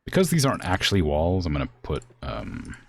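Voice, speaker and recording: Deep-voiced man chatting while gaming. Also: wildly swooping pitch, fairly quick, gravelly, dry recording. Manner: chatty, answers chat, laughs between phrases. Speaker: streamer. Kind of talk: casual game stream commentary.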